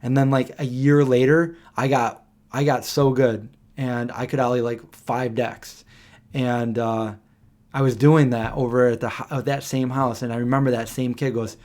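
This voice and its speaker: A man's voice: medium pitch, fairly even intonation, normal speed, darkish tone. A man hosting a casual late-night live stream at home, rambling and stopping to search for names he can't remember. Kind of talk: casual chat. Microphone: desk microphone.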